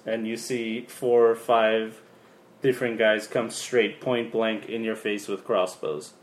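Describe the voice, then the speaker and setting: Man, game master, slow halting delivery, faint background hum. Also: fairly low pitch, little pitch movement, echoey room. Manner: slow, halting, many fillers. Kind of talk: narrating a tabletop game.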